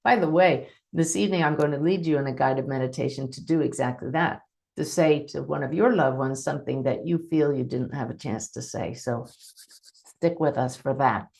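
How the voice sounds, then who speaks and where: Low-voiced lady medium telling reading stories, excited, acts out the quotes. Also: normal speed, gravelly. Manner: warm, enthusiastic storytelling, acting out quotes. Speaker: medium and host. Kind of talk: teaching talk to an online audience.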